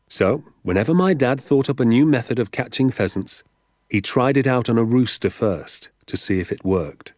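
A man narrating a children's novel as an audiobook, with a measured storytelling delivery. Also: mid-range voice, lively intonation, darkish tone, no room sound, clean studio sound. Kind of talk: scripted narration.

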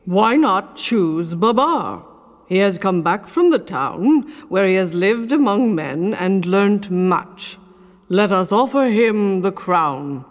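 A woman's voice: medium pitch, lively intonation, big-room sound. A woman doing a quavering ancient elephant elder. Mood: solemn. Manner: slow, quavering, solemn.

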